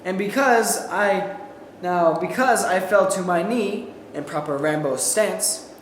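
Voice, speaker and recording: With a voice that sits high and a slow pace, a young man performs his memorized comic monologue as a student. He acts out quotes animatedly with shouts; the school hall has echo and faint background noise.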